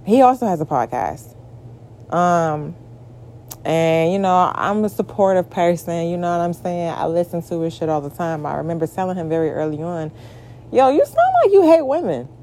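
Animated profane young woman ranting. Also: normal speed. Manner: animated, profane, exasperated, shifts into shrill mock outbursts. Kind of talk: casual storytime rant.

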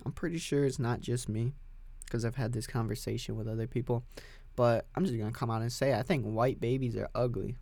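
A man hosting an unscripted solo podcast, rambling crudely and cursing, with loud sudden outbursts. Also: medium pitch, no echo. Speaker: podcast host.

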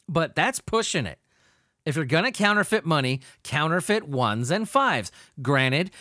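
A man's voice: fairly high pitch, fairly bright tone, no room sound, studio quality. A man hosting a podcast, reading crime news aloud and ranting about it in a crude, laughing, profane way. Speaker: podcast host. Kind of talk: profane comedic news commentary.

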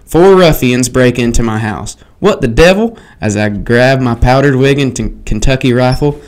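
A blustering colonial-era gentleman , as a man puts him on for a podcast bit, grandly theatrical in a mock accent. He speaks with gleeful bombast at a medium pitch. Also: moderate pace, close to an everyday voice. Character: pompous colonial-era gentleman defending his home.

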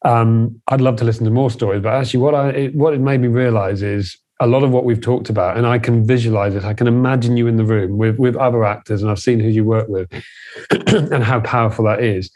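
A man's voice: medium pitch, fairly even intonation, a little fast, a little mellow. A man hosting an interview, encouraging and chatty, asking questions with frequent restarts. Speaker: host. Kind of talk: podcast interview.

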